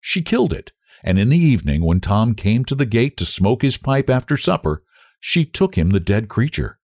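A man reading a novel aloud in measured, expressive storytelling. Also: medium pitch, no echo, clean studio sound. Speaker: audiobook narrator. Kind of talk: scripted narration of a novel.

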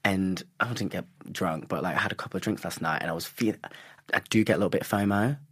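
A young man talks as a guest, animated and full of slang as he tells his stories. His voice sits fairly low. The sound is dry and close to the mic. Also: husky, no room sound. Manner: chatty and animated, quick storytelling with slang. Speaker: guest, stage actor. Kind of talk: casual chat.

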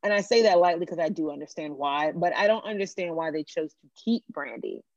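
A woman's voice: on the low side, a little fast, darkish tone, dry recording, highs cut off. A woman hosting a podcast, talking earnestly in long winding sentences in casual pop culture chat. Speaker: podcast host.

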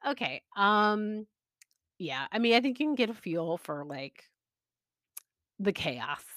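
A woman's voice: mid-range voice, big pitch swings, slow, fairly bright tone, no room sound. Chatty woman podcaster, dry close sound. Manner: casual, enthusiastic, chatty. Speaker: podcast host. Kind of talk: casual book recommendations.

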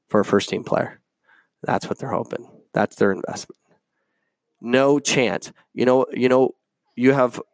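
An opinionated man hosts his own show in a casual, emphatic rant peppered with fillers. His voice sits low with a gravelly fry. The sound is dry and close. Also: darkish tone, no echo. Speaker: podcast host.

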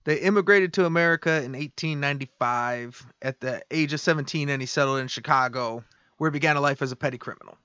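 A man's voice: medium pitch, fast talker, bright, forceful tone, smooth, no echo, muffled recording. A man co-hosting a podcast, casually telling a history story with swearing and laughs. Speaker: podcast co-host. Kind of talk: casual chat.

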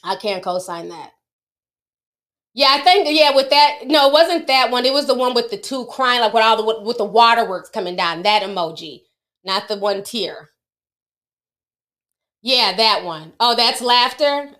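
A woman's voice: fairly high pitch, lively intonation, moderate pace, a bit bright. A middle-aged woman hosting a casual livestream, chatting with her viewers and laughing often. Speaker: livestream host.

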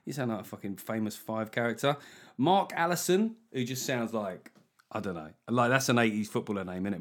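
A man with an English accent hosting a comedy podcast, sweary and mocking, tossing in quick jokey asides. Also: on the low side. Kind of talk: casual comic podcast chat.

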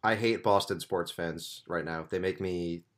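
A young man co-hosting a podcast, giving his opinions in a relaxed way in casual sports talk. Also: low voice, a little slow. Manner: conversational, opinionated. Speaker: podcast co-host.

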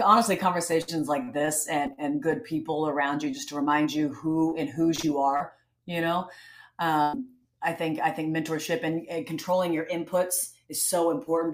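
A woman with a notably low voice speaks as a podcast guest. She talks earnestly and reflectively, restarting her sentences as she goes. The recording carries a roomy echo. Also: fairly even intonation, normal speed. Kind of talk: casual interview talk.

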